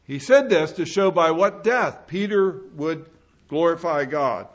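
A man preaching a sermon, earnest and emphatic, rising and falling in loudness for effect. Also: on the high side, expressive, measured pace, dull audio.

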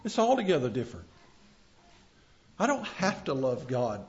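A middle-aged male preacher giving a sermon, swinging from loud emphatic cries to soft, quiet words. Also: mid-range voice, wildly swooping pitch, moderate pace, long pauses. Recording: dull lo-fi sermon recording.

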